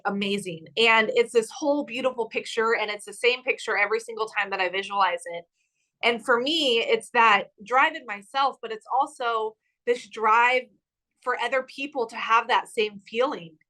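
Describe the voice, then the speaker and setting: A woman co-host with a fairly high, bright, forceful voice. She speaks with fervent, motivational emphasis in a casual podcast chat. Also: rough recording.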